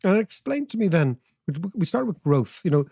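A man's voice: high voice, big pitch swings, normal speed, creaky, mellow, no room sound, clean studio sound. A man hosting a podcast interview, asking long rambling questions full of asides and anecdotes. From Ireland. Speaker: podcast host.

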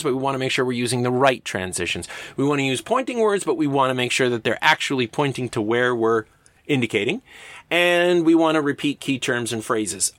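A male writing instructor lectures with a bright, forceful voice that leaps around in pitch. His delivery is emphatic and playful. The sound is close and dry, with no room echo. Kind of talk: recorded lecture.

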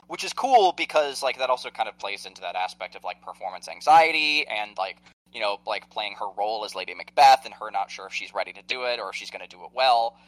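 A man's voice: fairly low pitch, fairly bright tone, no room sound, poor audio. A man co-hosting a podcast, talking through a film plot in a rambling, hesitant way. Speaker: podcast co-host. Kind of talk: casual film discussion.

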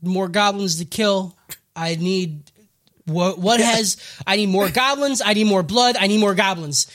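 A man's voice: sits high, unhurried, a bit bright. A man doing a curt, goblin-obsessed armored hunter. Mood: obsessive. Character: grim armored male goblin hunter, single-minded.

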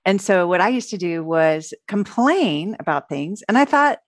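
A middle-aged woman, a relationship author, giving an interview and telling lively stories in which she acts out her own lines. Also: fairly low pitch, moderate pace, dry recording, clean studio sound. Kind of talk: conversational interview storytelling.

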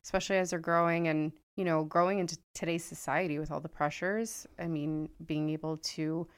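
A woman co-hosts a relaxed podcast with a smooth, clear voice. She speaks in a supportive, emphatic way and leans hard on her points. Her pitch sits slightly low. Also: a little fast. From Connecticut, United States. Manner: supportive, emphatic, says "literally" often. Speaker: podcast co-host. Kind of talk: casual podcast chat.

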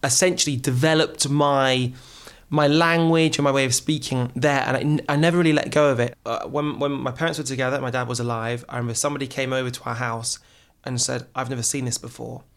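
A man's voice: mid-range voice, fairly even intonation, a little fast. English guy, tv presenter on a podcast, earnest and reflective, just telling his story, medium voice. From England. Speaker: TV presenter, guest. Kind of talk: conversational interview.

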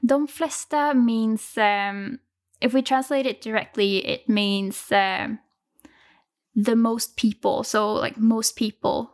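A woman's voice: a little high, fairly even intonation, takes it slowly. A woman whose first language is Swedish, tutoring a learner with patient, encouraging corrections in a casual lesson.

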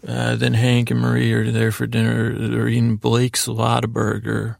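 A man's voice: medium pitch, completely flat delivery, gravelly, darkish tone, dry recording, clean studio sound. A man hosting a sleep podcast, rambling through a recap with lots of fillers and restarts. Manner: halting, full of fillers and restarts. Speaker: podcast host.

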